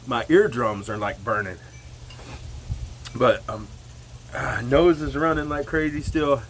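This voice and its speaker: In a casual camera vlog, a man speaks slowly through a burning mouth, watering eyes and a runny nose, bursting into loud whoops. His pitch is medium, and a little hiss or hum can be heard.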